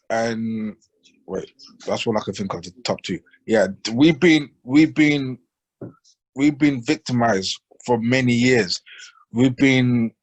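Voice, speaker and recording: A man's voice: medium pitch, poor audio. A man co-hosting a casual podcast discussion, speaking earnestly and repeating himself as he thinks. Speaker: podcast co-host.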